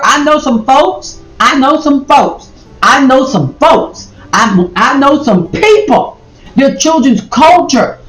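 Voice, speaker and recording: A video commentator reacting to a clip, talking in a rambling, emphatic way and repeating phrases. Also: high-pitched. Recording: roomy, distant mic, faint noise.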